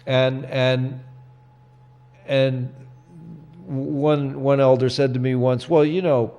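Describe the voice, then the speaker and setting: Middle-aged male host, mellow dark tone, halting, full of "you know"s. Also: medium pitch, flat delivery, muffled recording, soft background music. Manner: halting, repeats words, many "you know"s. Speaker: talk show host. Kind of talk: casual chat.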